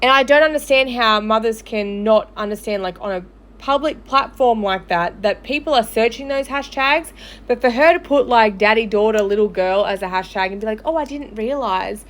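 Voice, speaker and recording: A woman's voice: a little high, normal speed, a bit bright. A woman who hosts a gossip page, ranting angrily and swearing on a livestream. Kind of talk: livestream commentary.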